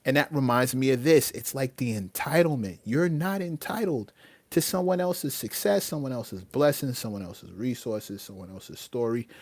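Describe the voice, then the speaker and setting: A man's voice: medium pitch, very animated, normal speed, dry recording. A man hosting his own livestream, ranting emphatically about entitlement, often restarting his words. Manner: heated, emphatic, with many repeated restarts. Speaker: livestream host and rapper.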